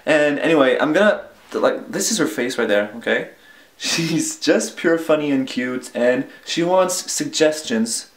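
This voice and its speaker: Rambling young man in an echoey room. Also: fairly high pitch. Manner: rambling, self-deprecating, trails off with fillers. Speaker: vlogger. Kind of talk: casual rambling vlog. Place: alone in his room at home.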